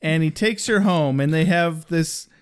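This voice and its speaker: A man co-hosting a podcast and recapping a show in casual chat, with crude jokes and quick put-on voices. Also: fairly high pitch, clear, resonant tone. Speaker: podcast co-host.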